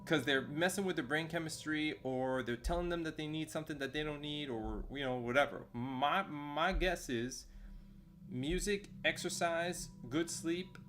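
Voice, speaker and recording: A man with a somewhat high voice streams a game and chats to his viewers, rambling loosely with plenty of fillers and easygoing slang. Music plays faintly behind him. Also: normal speed, fairly bright tone. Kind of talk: casual chat while streaming gameplay. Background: faint background music.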